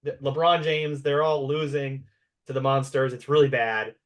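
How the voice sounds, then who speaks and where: Speaking at normal speed with a medium-pitched voice, a male podcast co-host chats casually. His storytelling rambles and is animated, with plenty of filler words.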